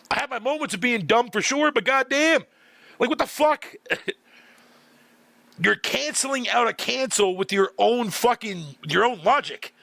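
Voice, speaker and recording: A man's voice: sits high, creaky, bright, forceful tone, no room sound. Profane, exasperated man ranting into a dry mic. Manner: profane, exasperated, laughs often, filler-heavy. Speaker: gaming streamer. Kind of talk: ranting casual commentary.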